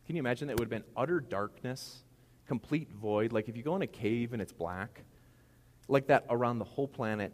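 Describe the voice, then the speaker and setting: A man gives a laid-back sermon in a church sanctuary, teasing and quizzing his congregation as he goes. His voice is on the low side. A long reverb trails behind every phrase. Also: brisk. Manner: casual, joking, asks the congregation questions. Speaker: pastor.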